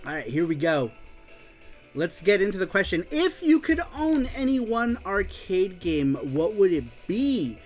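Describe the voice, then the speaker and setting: A man hosting a casual livestream show, excitedly reading viewer comments aloud and laughing often. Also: sits high, a little slow, faint music behind. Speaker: show host.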